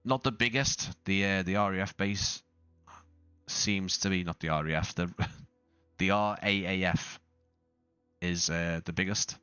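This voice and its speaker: A man's voice: deep voice, unhurried, bright, forceful tone, clean tone, no echo, faint music behind. A man streaming a flight simulator and chatting casually as he tours airports, rambling and correcting himself as he goes. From not Australian. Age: adult father. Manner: rambling, self-correcting, with frequent restarts and fillers. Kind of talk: casual live-stream commentary.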